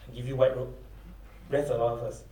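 A man's voice: mid-range voice, flat delivery, brisk, dark tone. A middle-aged man preaching a sermon, reading scripture aloud and acting out the voices of questioners. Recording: echoey room from far off.

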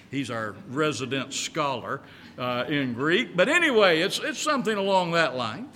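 A man's voice: high-pitched, sing-song, unhurried, pushed and bright, big-room sound, slight background noise. A male pastor preaching a sermon in a church, folksy and repetitive, drawing out key words. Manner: folksy, repeats phrases, stretches key words.

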